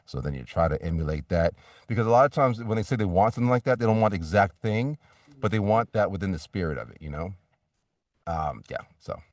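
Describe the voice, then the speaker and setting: Low-voiced man, far from the mic. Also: animated, quick pace, no room sound, clean studio sound. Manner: rambling, many restarts and fillers, acts out sample reads. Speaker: voice actor guest. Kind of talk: casual interview talk.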